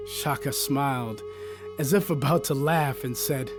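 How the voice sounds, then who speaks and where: A man reading an epic poem aloud as an audiobook, in measured, solemn storytelling. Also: mid-range voice, over music. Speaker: audiobook reader. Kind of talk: scripted narration of an epic poem.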